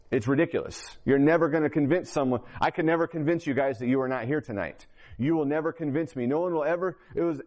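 A man's voice: medium pitch, a little mellow. Earnest man preaching his testimony. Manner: earnest, emphatic storytelling; direct exhortation to the audience. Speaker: minister giving his testimony. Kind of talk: testimony sermon to a congregation.

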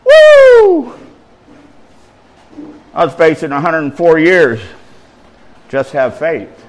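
A man's voice: a little high, rough recording. A middle-aged man preaching a street-style sermon, retelling scripture in slangy, emphatic language.

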